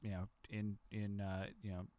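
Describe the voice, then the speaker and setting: A man's voice: fairly low pitch, little pitch movement, normal speed, darkish tone, dull audio. A man co-hosting a podcast, talking casually with frequent restarts. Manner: conversational, hesitant restarts. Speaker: podcast co-host. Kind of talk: casual chat.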